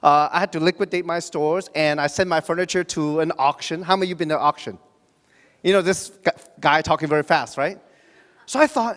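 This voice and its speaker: A man's voice: on the high side, a little fast, fairly bright tone. A man in his forties from Hong Kong giving a joking motivational talk to an audience, asking them questions. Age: 40s. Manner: joking, asks the audience questions, frequent restarts and fillers. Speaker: motivational speaker at a business event. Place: large hall before an audience. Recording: reverberant hall.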